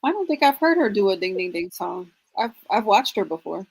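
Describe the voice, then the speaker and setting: A woman's voice: mid-range voice, very animated, brisk, gravelly, slightly rough, low-quality recording. A woman, co-hosting a casual livestream, chatty and laughing often as she greets viewers by name. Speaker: livestream co-host.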